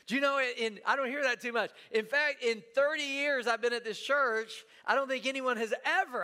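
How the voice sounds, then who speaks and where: A man's voice: very high-pitched, moderate pace, sharp tone, in a large hall. A man preaching a sermon as pastor in a church, talking conversationally, repeating words and asking his listeners "right?".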